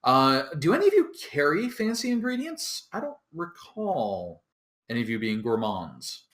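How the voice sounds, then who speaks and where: A man narrating as dungeon master of a tabletop game, relaxed and rambling, often breaking into laughter. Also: fairly high pitch, normal speed, reverberant.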